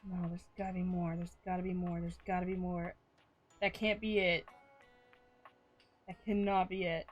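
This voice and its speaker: A woman streaming a game live, reacting excitably with swearing, shouts and laughs. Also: on the low side, moderate pace, dull audio, soft background music.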